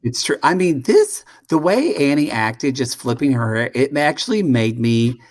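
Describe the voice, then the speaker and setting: A man's voice: mid-range voice, big pitch swings, moderate pace, no echo. Profane, dramatic male podcast co-host. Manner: blunt and profane, dramatic outbursts. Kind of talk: casual podcast chat.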